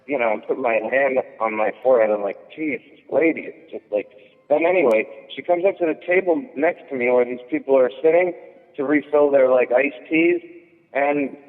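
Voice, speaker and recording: A man's voice: medium pitch, a little fast. Male comedian, rambling anecdote, lots of fillers, tinny phone-like sound, echoey. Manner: rambling, storytelling, frequent fillers and restarts. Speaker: guest comedian. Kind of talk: casual chat. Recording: thin phone-like sound with long echo.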